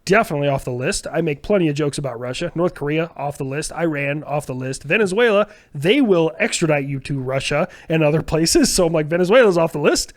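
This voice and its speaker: A man's voice: fairly high pitch, lively intonation, brisk, few pauses. A man talking as a guest on a casual podcast, joking drily in a matter-of-fact way.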